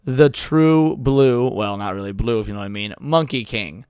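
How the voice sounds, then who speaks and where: A man's voice: lowish voice, quick pace, clear, resonant tone, dry recording, studio quality. A man co-hosting a late-night stream, joking around and reading chat messages aloud with frequent stammered restarts. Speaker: VTuber co-host.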